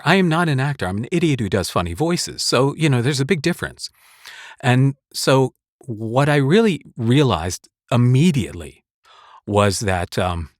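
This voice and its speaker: A man's voice: mid-range voice, dry recording. A man who works as a voice actor, talking casually and earnestly about his craft, rambling with restarts and short laughs into a close studio microphone. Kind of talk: casual talk on voice-acting craft.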